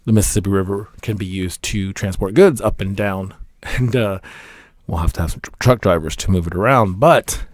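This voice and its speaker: A man's voice: deep voice, normal speed, no echo, clean studio sound. A man, a military veteran, talking casually to camera as a fatherhood vlogger, rambling and emphatic with little laughs between points.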